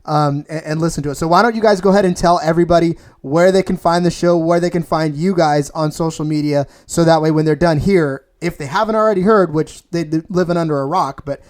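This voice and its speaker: A man's voice: a little high, fast talker, hardly any pauses. A man hosting a podcast interview, enthusiastic and full of praise, often restarting his sentences. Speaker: podcast host. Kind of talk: casual interview.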